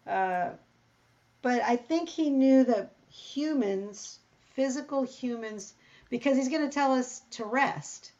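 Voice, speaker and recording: A woman talking through a Bible passage in casual conversation, reading verses aloud and thinking out loud. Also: high-pitched, takes it slowly, muffled recording. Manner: thinks aloud, reads scripture, animated when surprised. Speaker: Bible study co-host. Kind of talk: casual Bible study discussion.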